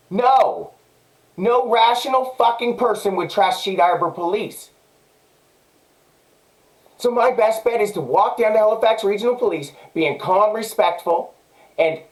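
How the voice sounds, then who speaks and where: A man's voice: high-pitched, low-quality recording. A man with a Canadian accent delivering an angry, profane personal monologue, agitated and repetitive. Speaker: vlogger.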